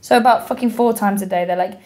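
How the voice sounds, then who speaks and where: A woman co-hosting a comedy podcast. She is sardonic and sweary in casual banter. Her voice sits in a middling pitch. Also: quick pace, darkish tone.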